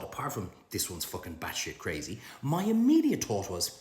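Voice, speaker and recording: A middle-aged Irish man delivering a profane comic rant to camera, ranting in an animated, swearing way. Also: normal speed, hardly any pauses. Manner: profane, animated ranting with big pitch swings. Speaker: social media comedian. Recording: roomy echo.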